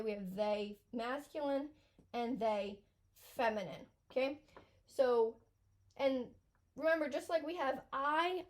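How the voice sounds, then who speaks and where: A woman teaching a lesson, explaining patiently, checking in with "okay?" and stressing key words. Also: high voice. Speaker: French teacher. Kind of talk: classroom lesson.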